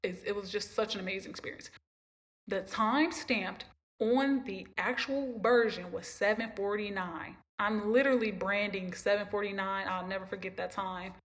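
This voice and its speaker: A woman's voice: mid-range voice, steady tone, normal speed. A young woman hosting a podcast, telling a long story in a rambling, emotional way and repeating herself. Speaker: podcast host. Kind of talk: casual storytelling monologue.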